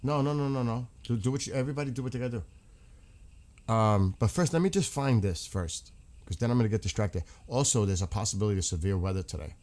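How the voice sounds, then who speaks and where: A man's voice: medium pitch, fast talker, a little mellow. A man hosting a casual livestream, rambling frankly and swearing freely. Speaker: livestream host.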